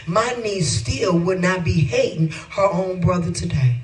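High-voiced man in his fifties preaching. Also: measured pace, hardly any pauses, far from the mic, poor audio. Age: 50s. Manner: animated, folksy, chuckling asides to the congregation. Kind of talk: storytelling sermon.

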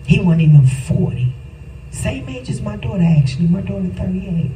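A middle-aged woman preaches a personal testimony in a slow, emphatic way that climbs into shouts. Her tone is soft and dark. She is recorded from a distance in a roomy church, with faint noise behind her. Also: mid-range voice, expressive.

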